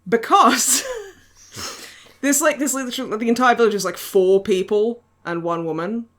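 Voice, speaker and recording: Bright-voiced sardonic woman podcaster. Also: on the high side, a little slow. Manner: sardonic, swearing, giggly. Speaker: podcast host. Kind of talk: casual chat.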